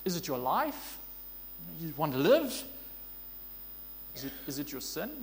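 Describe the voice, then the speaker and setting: A man preaching a sermon in an earnest way, asking rhetorical questions and drawing out key words slowly. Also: on the high side, sing-song, a little hiss or hum. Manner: earnest, rhetorical questions, slow emphatic stresses. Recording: long hall reverb.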